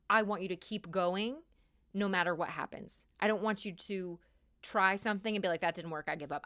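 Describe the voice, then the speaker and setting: A young woman hosting a podcast, giving casual spiritual advice in an emphatic, animated way and repeating key words for stress. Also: medium pitch. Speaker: podcast host.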